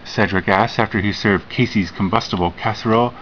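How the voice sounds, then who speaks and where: A man reading a children's picture book aloud to his child, with expressive storybook narration. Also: lowish voice, moderate pace, hardly any pauses. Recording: dull home recording with faint hiss.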